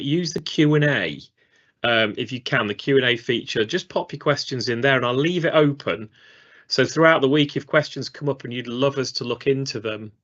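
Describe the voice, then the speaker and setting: A man's voice: medium pitch, normal speed, fairly bright tone. A man from England co-hosting a live training stream, chatting casually and rambling off track on a video call. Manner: rambling, chatty, self-deprecating. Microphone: studio mic on a video call. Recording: slightly dull lo-fi stream audio.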